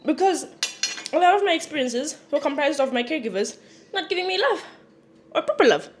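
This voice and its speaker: A young woman chats casually into a clip-on mic, frank and unfiltered, with the odd sniffle. Her voice sits a little high and jumps into sudden loud, emphatic bursts. A faint hiss runs under the recording. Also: sing-song, a little fast. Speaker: vlogger. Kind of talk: casual chat while cooking and eating.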